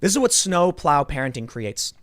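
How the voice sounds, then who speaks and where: Animated male host, lively swooping pitch. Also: normal speed. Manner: animated storyteller, acts out quotes in mocking voices. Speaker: podcast host. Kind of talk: casual political talk show banter.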